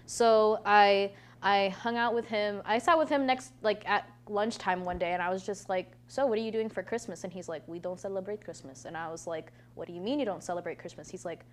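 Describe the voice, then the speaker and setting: A young woman co-hosting a podcast, telling a story in a casual, animated way and laughing often. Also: mid-range voice, brisk, hardly any pauses, slight background noise. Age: young adult. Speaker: podcast co-host. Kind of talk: casual chat.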